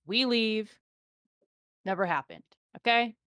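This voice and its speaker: A woman's voice: a little high, expressive, slow pace, fairly bright tone, smooth, dry recording, clean studio sound, pitched above the performer's own voice. A woman voicing a snappy, rude halfling. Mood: impatient. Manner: snappish, curt, swearing.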